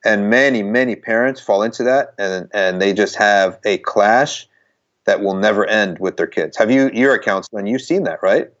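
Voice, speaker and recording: A man's voice: on the low side, normal speed, a bit bright, highs cut off. A man talking in an earnest, emphatic way as a guest in a conversation, often circling back and restarting his phrases. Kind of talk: conversational talk.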